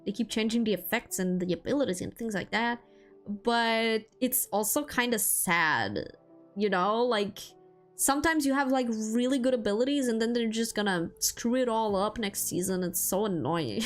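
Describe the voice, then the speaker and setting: A woman VTuber streamer chatting casually about games and comics, rambling and animated, with lots of fillers and laughter. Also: fairly high pitch, moderate pace, soft background music. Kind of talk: casual chat.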